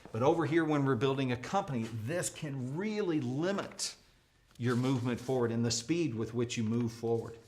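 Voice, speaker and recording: A middle-aged man from the United States teaches a leadership lesson in an energetic, emphatic way. His pitch is middle for a man, and his voice jumps up when he stresses a point or acts out a quoted speaker. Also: moderate pace. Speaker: leadership trainer.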